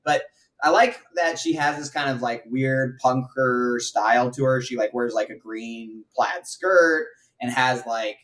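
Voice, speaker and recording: A man co-hosting a casual film review podcast, speaking haltingly with many fillers. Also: medium pitch, a bit bright, distant mic. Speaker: podcast co-host.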